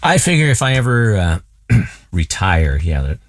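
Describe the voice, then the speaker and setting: A man's voice: sits low, very animated, measured pace. A man hosting a radio show in a casual chat, rambling and self-deprecating. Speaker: radio host.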